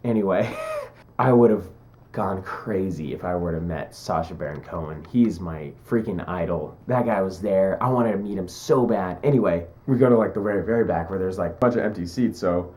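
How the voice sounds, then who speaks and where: A man's voice: sits low, normal speed, darkish tone. A young man vlogging, telling a story in a chatty, joking way and acting out what people said. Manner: chatty, joking, acts out quotes. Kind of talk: casual storytelling.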